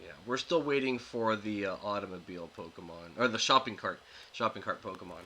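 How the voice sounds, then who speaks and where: A man hosting a casual card pack opening video, reading card text aloud in a flat, steady way and chatting with the viewers. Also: lowish voice, fairly quick, slight background noise, poor audio. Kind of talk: casual commentary while opening card packs.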